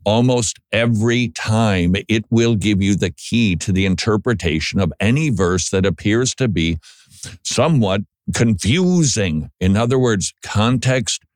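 Sarcastic low-voiced male commentator. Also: animated, measured pace, no room sound, studio quality. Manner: sarcastic, emphatic, stammers when reacting. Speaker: commentary host. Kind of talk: political commentary monologue.

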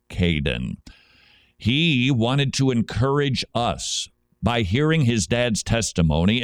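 A man from Minnesota hosting a Christian talk radio show, animated and jokey, his voice jumping high when he teases. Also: dry recording. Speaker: radio host.

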